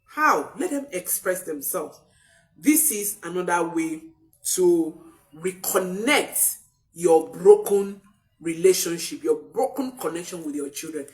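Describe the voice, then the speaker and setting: Emphatic woman parenting coach, lively pitch. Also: slow pace. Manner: emphatic, repeats key phrases for stress. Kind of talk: motivational parenting talk.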